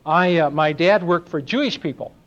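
Older preacher from LA, slightly high voice, chatty and questioning, lo-fi tape. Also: male voice, moderate pace, a bit bright. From Los Angeles. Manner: conversational, asks the congregation questions, acts out little dialogues. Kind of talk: sermon. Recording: dull lo-fi sermon recording.

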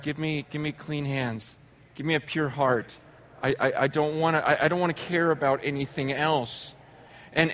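A man speaking to a conference audience in an impassioned sermon, earnest and halting, repeating words and swinging from hushed confession to shouted pleas. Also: high-pitched, slight background noise.

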